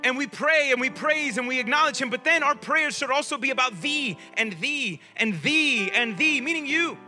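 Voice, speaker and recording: Animated high-voiced male preacher. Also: moderate pace, faint music behind. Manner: animated preaching, asks the audience questions; casual speech. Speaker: pastor. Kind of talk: sermon.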